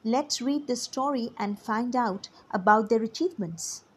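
Slow, breathy woman reading children's story. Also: a little high. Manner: expressive, addresses children directly.

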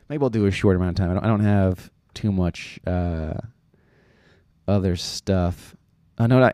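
A young New Yorker rambles through a casual, self-deprecating comedic monologue full of fillers and restarts. His voice is on the low side with a darkish tone, and there's no echo.

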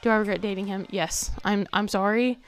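Her voice is mid-range, clear and resonant, with fairly even intonation and a fairly quick pace. She's a teenage girl hosting her own podcast, delivering a tired, yawning late-night confession, hesitant and quiet, often nearly whispering.

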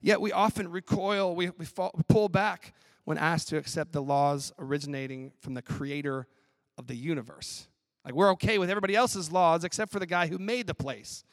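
A man who is a professor preaching a chapel sermon in an animated, playful way. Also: on the high side, brisk. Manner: animated, playful, acts out skits with laughs. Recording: long hall reverb.

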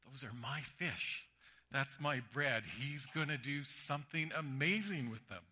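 A man voicing an eager, cheeky young boy in a retold story, high and loud. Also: unhurried, husky, heavily acted. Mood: excited.

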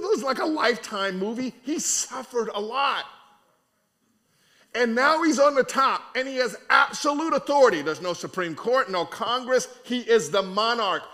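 A man preaching a conversational sermon in an animated, colloquial way. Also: very high voice.

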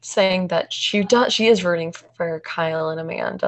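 A woman's voice: fairly low pitch, normal speed, dull audio. A woman co-hosting a podcast, chatting casually and retelling events in long run-on sentences. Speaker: podcast co-host. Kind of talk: casual chat.

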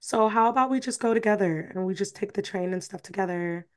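A woman's voice: mid-range voice, fast, natural voice. A woman putting on a goofy young British guy. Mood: breezy.

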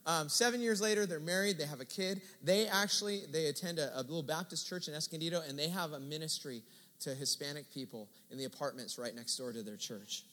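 A man preaching a sermon, telling a story in a casual, lively way and acting out the dialogue. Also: on the high side, a little fast. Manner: conversational, animated retelling with quoted dialogue. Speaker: pastor. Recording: long hall reverb.

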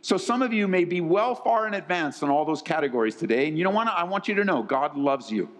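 Male pastor, fairly high voice, emphatic sermon delivery in a reverberant hall. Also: expressive, fast talker, a bit bright. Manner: emphatic, repeats key phrases, addresses congregation directly.

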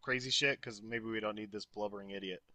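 A man's voice: lowish voice, fast, no echo. A man playing a tabletop game, joking around and laughing in casual chat. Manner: jokey, animated, laughing. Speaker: player.

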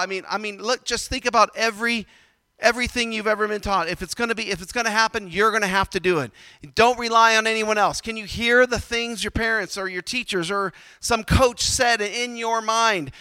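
High, bright-voiced energetic preacher. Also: male voice, fairly quick, clear, resonant tone, no echo, in a large hall. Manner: energetic, swings between loud emphatic bursts and quiet low asides. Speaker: pastor. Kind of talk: sermon.

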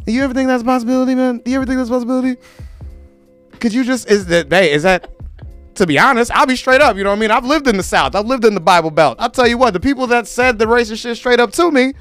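A man hosting a podcast, talking in a casual, animated rant and mocking other people's voices. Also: sits high, fast, clear, resonant tone, soft background music. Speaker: podcast host. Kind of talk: casual ranting chat.

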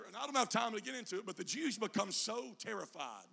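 High gravelly preacher guy, whoops and chants "uh" between lines, bright sharp tone. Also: sing-song, quick pace, few pauses. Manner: drops to a low, quiet teaching voice between climaxes. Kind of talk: sermon.

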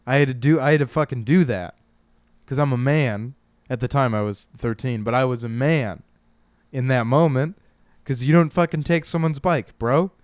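A man's voice: medium pitch, moderate pace, a little mellow, no room sound. A man, a stand-up comic, hosting a casual comedic monologue, rambling and profane and often laughing at his own jokes. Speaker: podcast host and stand-up comic.

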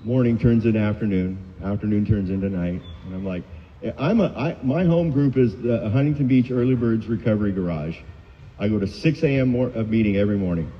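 A man's voice: lowish voice, brisk. A middle-aged man speaking at a recovery meeting, sharing his story in a candid, self-mocking way. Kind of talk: personal recovery story share. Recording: dull, echoey hall sound.

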